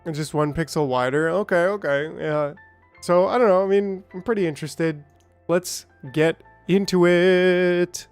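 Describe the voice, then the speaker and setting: Easygoing streamer guy, chatty and rambling, smooth clear voice a touch high, faint music under him. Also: a little slow. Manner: rambling, chatty, greets viewers by name. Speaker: gaming streamer. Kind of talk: casual let's-play commentary.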